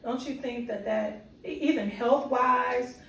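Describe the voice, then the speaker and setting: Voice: medium pitch, fairly even intonation, measured pace, a bit bright. Casual podcast host in an echoey room. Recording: echoey room, distant mic, faint noise.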